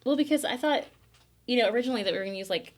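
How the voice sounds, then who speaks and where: A woman's voice: fairly high pitch, racing. A woman co-hosting a podcast, chatting in a bubbly, enthusiastic way. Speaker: podcast co-host. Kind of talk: casual chat.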